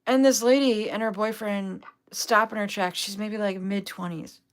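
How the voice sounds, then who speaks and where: A woman's voice: mid-range voice, steady tone, normal speed. A young adult woman telling a rambling, upbeat story on a casual livestream, full of fillers. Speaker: vlogger, duck owner.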